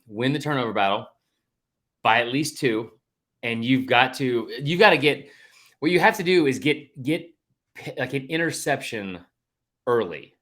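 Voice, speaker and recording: A man's voice: medium pitch, a bit bright. A man in casual sports podcast chat, voice sitting in an ordinary middle register. He gets heated and emphatic, piling up restarts and fillers as his points tumble out, and he swears once he is fired up. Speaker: podcast co-host.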